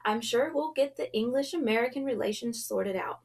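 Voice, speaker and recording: A woman voicing a gracious, refined lady of a grand house who speaks in a warm, formal, soothing way. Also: a little high, a little fast, slight background noise, natural voice.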